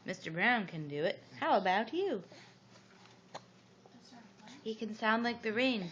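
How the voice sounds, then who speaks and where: A woman's voice: mid-range voice, expressive, moderate pace, background noise. A woman reading picture books aloud to a child, playfully acting out animal noises and sound effects.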